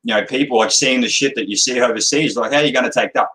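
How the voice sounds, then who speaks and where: A man with an Australian accent talks about soldiering in a blunt, earnest way, swearing freely and calling his mates brother. His voice sits at an everyday middle pitch. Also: fast talker, bright, forceful tone, rough recording. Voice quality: blunt and profane. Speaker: former infantry soldier guest. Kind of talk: casual chat.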